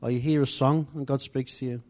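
A man leads a church group in a loose, conversational teaching style. His voice is mellow and warm, and he rambles with asides and restarts as he gives instructions. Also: mid-range voice, fairly even intonation, brisk. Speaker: church leader.

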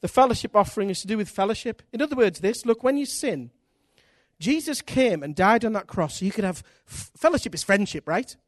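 A man preaching a sermon in an animated, candid way, with self-mocking humor. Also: sits high, brisk, no echo, studio quality. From Britain. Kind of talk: sermon with personal storytelling.

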